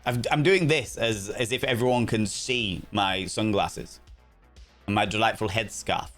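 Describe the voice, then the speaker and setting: A man livestreaming a game and chatting casually with his viewers, theatrical and profane, with playful jumps into a high voice. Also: a little slow, a bit bright, faint music behind. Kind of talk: casual live-stream chat with viewers.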